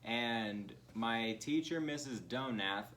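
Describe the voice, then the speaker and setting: A man's voice: mid-range voice, slow pace, fairly bright tone. Man, comedy podcast co-host, casual chat, swearing, laughing storyteller, faint background noise.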